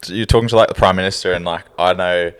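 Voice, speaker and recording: A man's voice: deep voice, smooth. An Australian man hosting a podcast, chatting casually with lots of fillers. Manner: relaxed, filler-heavy, quick. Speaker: podcast host. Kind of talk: casual interview chat.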